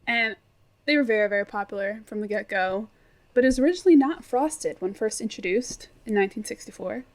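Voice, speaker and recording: A woman's voice: medium pitch, brisk. A young woman co-hosting a casual podcast chat, reading out facts with giggly asides. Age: young adult. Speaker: podcast co-host presenting research.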